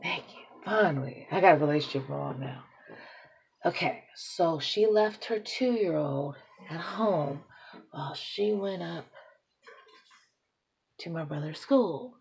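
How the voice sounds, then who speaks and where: A young adult woman talking to camera in a rambling personal monologue, emotional and swearing freely, swinging between quiet confiding and loud ranting. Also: low voice, animated, unhurried, creaky, pauses often, husky. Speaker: vlogger.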